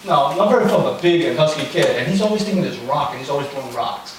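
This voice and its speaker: A young man gives a casual sermon, rambling through anecdotes with plenty of fillers. His voice sits a little high. The sound is very echoey and distant in a church hall, with a faint hiss behind. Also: lively intonation, fast talker, a crowd in the background. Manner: chatty, anecdotal, lots of fillers. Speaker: pastor. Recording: very echoey room, far from the mic, faint noise.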